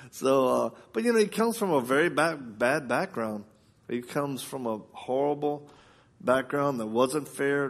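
A male preacher giving a sermon, telling a story in a loose, colloquial and animated way. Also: mid-range voice.

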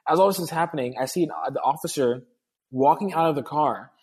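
A man's voice: fairly high pitch, fast, breathy edge. A man telling a long personal story in casual conversation, earnestly acting out the dialogue of the people in it. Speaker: guest.

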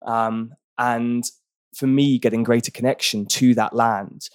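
A man's voice: medium pitch, little pitch movement, a little slow. Earnest British man, podcast guest. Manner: earnest, thoughtful, with frequent restarts. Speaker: barrister and activist guest. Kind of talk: podcast interview.

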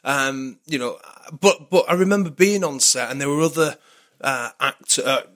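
A man's voice: medium pitch, normal speed, fairly bright tone. A man telling rambling anecdotes in a casual chat, often restarting his sentences. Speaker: podcast guest, actor and former rugby player.

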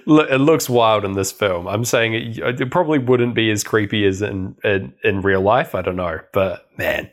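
A man's voice: lowish voice, normal speed, hardly any pauses. A man co-hosting a podcast, casually recapping a film with a chatty, laughing manner. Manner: chatty, laughing, lots of fillers. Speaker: podcast co-host.

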